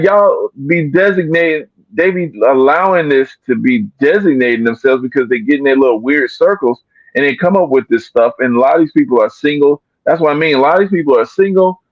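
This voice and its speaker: Animated man on a dry, dull recording. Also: a little high, dry recording. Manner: animated, repeats phrases. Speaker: panelist. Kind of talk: heated panel talk.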